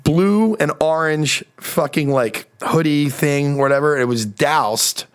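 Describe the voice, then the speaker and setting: A man's voice: on the high side, slow, clear, resonant tone. A man telling a comedic story in casual podcast chat, swearing freely and acting out the people in it. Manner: animated, swears freely, acts out quoted people.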